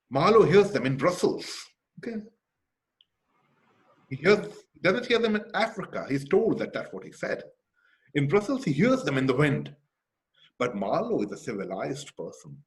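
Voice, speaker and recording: A man lecturing on literature in a fairly high voice. He stresses his points, poses rhetorical questions and keeps asking "okay?" to check that his listeners follow. Now and then he falters and restarts a phrase mid-thought. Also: big pitch swings, normal speed, long pauses. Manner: emphatic, with some hesitant restarts.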